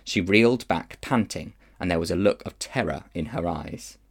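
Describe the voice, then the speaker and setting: A man reading a children's novel aloud in an expressive storytelling manner. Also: low voice, normal speed, gravelly, husky. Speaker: children's book reader.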